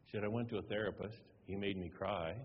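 Speaking fast in a fairly low, steady tone, this male pastor delivers a storytelling sermon, chatting casually and performing the dialogue with shifting emphasis. The background is noisy, and the audio is dull with long reverb like a hall.

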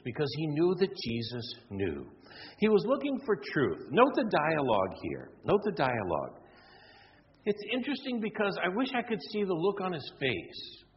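A man preaching a sermon, animated and acting out the people in his story. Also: on the high side, a little hiss or hum. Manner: animated, acts out quoted voices. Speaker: pastor. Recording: dull sound in a reverberant hall.

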